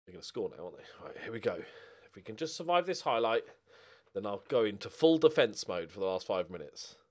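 A man giving casual commentary over a football management game, muttering and then bursting out in loud swearing. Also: lowish voice, big pitch swings, fairly quick. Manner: swears a lot, swings from mutters to angry outbursts. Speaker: gaming YouTuber.

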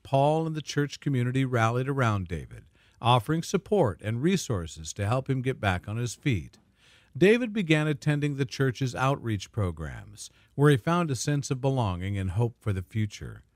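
Male storyteller with a lively voice. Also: mid-range voice, normal speed, dry recording, studio quality. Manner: smooth, even storytelling. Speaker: narrator. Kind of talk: scripted story narration.

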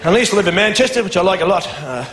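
An Australian man works a comedy club stage, his stand-up delivery rough, profane and conversational. His voice bounces around a roomy venue while loud crowd laughter and noise fill the gaps. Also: high voice, animated, rapid-fire.

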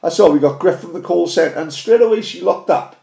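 A man's voice: high-pitched, brisk, creaky, warm tone, roomy sound. A man with a Swansea accent, hosting a podcast and telling sweary stories in casual chat. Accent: Welsh, Swansea. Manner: sweary storytelling, quotes others. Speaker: podcast host.

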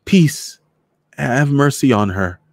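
An anxious young girl pleading for mercy, read by a man. The deep voice stays close and dry throughout. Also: fairly even intonation, normal speed, darkish tone, no echo, lightly acted. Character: frightened young girl narrator.

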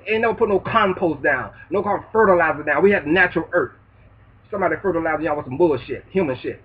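A man ranting in a loud, preachy, profane street manner in a vlog monologue. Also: a little high, fast, husky. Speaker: vlogger. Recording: distant tinny phone-like sound.

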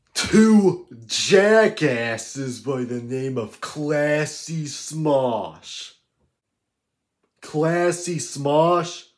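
A man's voice: a little high, a little mellow. Kevin, a man doing a sneering teen bully. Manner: name-calling, mocking rants. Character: cocky scornful teenage boy bully. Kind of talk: fan parody roast.

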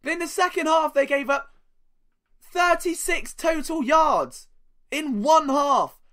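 A man's voice: extremely high pitch, slow. A young man hosting a sports podcast, telling stories in a sarcastic, joking way. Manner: animated, sarcastic storytelling. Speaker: podcast host. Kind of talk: casual sports podcast monologue.

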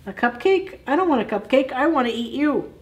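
A woman's voice: high voice, animated, brisk, pitched above the performer's own voice. A woman voicing a hungry fish that scorns a cupcake and wants to eat another fish. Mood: scornful. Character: hungry grumpy fish wanting prey.

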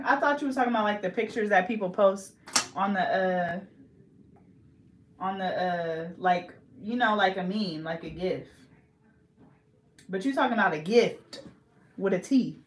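A woman's voice: medium pitch, unhurried, long pauses. Playful woman vlogger in an echoey room. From Bay Area, California. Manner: giggly, playful, second-guessing herself. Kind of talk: casual chat. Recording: echoey room, faint background hiss.

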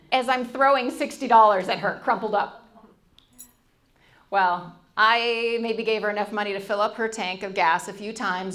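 A middle-aged woman, giving a storytelling stage talk and acting out the voices she quotes. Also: mid-range voice. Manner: animated, acts out quoted voices. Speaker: speaker.

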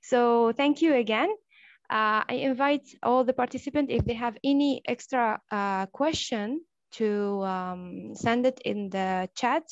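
A woman's voice: on the high side, measured pace, no room sound. A woman moderating an online workshop who speaks hesitantly, with many fillers. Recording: dry, dull lo-fi call audio.

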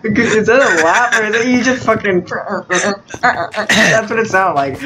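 Young male streamer, high voice, foul-mouthed banter over noisy voice chat. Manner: crude, swears a lot, laughs often. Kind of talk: casual gaming chat with friends.

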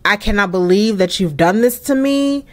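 A woman's voice: medium pitch, animated, normal speed, lightly acted. A woman voicing a hurt, angry young wife who scolds her cheating husband in a game. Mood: indignant. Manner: indignant, scolding.

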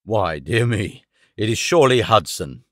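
A man puts on an old country squire in an audiobook, gruff and uneasy, his voice dropped somewhat low and clipped. It sits close and dry, with no room around it. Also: expressive, moderate pace, fairly bright tone, no echo.

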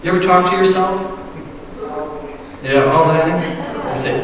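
Man, pastor, sermon, slow deliberate delivery, bit high pitch, loud then hushed, distant mic in a reverberant church hall. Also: a little hiss or hum. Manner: dramatic storytelling, swings from loud to hushed. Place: church sanctuary.

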